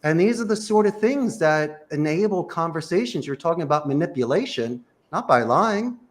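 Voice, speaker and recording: A man giving emphatic, rapid-fire sales coaching, full of rhetorical questions. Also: on the high side, animated. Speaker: sales trainer. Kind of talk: animated coaching talk.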